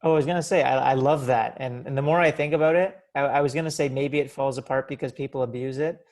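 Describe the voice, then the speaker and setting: A man's voice: mid-range voice, steady tone, fast talker, a little mellow. A man from Canada hosting a casual podcast interview, friendly, with stammering restarts. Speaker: podcast host.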